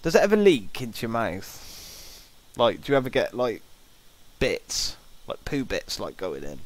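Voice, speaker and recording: A man's voice: mid-range voice, wildly swooping pitch, measured pace, slight background noise. A man giving comic, exasperated reaction commentary, jokingly disgusted and theatrical.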